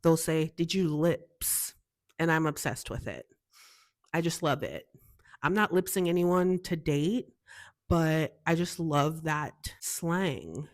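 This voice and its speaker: Young american woman, low voice, bubbly and gushy, just chatting away. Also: slow pace. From United States. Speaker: podcast host. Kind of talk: casual solo chat.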